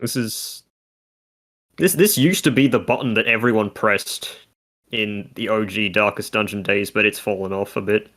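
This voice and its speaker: In a lowish, fairly bright voice at normal speed, a man co-hosts a relaxed video game talk as a content creator. He digs analytically into the numbers, stats, and mechanics.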